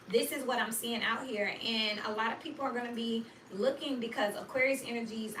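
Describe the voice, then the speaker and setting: A woman's voice: fairly high pitch, recorded from a distance. Woman tarot reader, casual slangy monologue; echoey room, a little off-mic, faint ambient hiss. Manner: animated, slangy and chatty.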